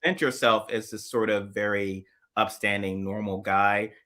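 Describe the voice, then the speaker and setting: A man co-hosting a casual political chat, rambling with many restarts and trailing off quietly. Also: lowish voice, fairly even intonation, normal speed. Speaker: co-host.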